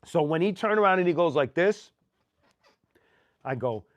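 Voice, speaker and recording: Male host, raised pitch, dry close sound; loose, profane, animated storyteller. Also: normal speed, pauses often, dry recording. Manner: profane, animated anecdote telling with slang. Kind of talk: casual storytelling.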